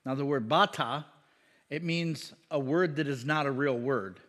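A man's voice: mid-range voice, a little slow, a bit bright. A man preaching a conversational sermon, with many fillers, asides and repetitions. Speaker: pastor. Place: church hall. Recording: long hall reverb.

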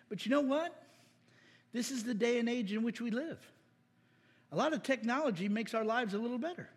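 High-voiced husky male preacher. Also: long reverb tail. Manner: energetic and playful, acts out voices, asks the crowd "Amen?". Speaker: pastor. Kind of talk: sermon.

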